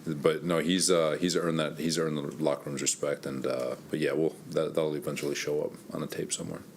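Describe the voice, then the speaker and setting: A man's voice: rumbling low, little pitch movement, a little fast, creaky, slight background noise. A man, a head coach, answering reporters' questions in a candid, conversational way, thinking aloud and a little winded. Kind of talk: press conference answers. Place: press room.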